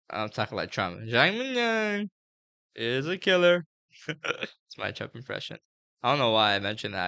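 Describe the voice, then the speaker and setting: A man's voice: medium pitch, pushed and bright, smooth, no room sound. A man giving a casual, rambling fight breakdown, full of fillers and slang. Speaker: MMA fight previewer.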